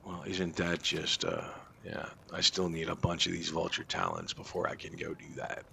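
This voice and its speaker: A man's voice: low-pitched, level tone, moderate pace, vocal fry, pushed and bright, slight background noise. A man hosting a casual game playthrough, thinking aloud with fillers and muttered asides. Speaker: gaming channel host. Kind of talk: casual let's-play commentary.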